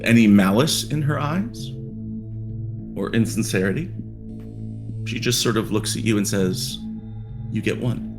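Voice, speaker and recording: A man narrating a tabletop role-playing game as game master, relaxed and wry. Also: on the low side, unhurried, long pauses. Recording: clear music behind.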